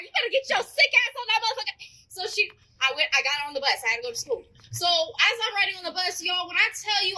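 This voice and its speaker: A woman telling a school story casually, speaking straight to her listeners in an animated way. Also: very high-pitched, poor audio. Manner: animated, addresses listeners directly.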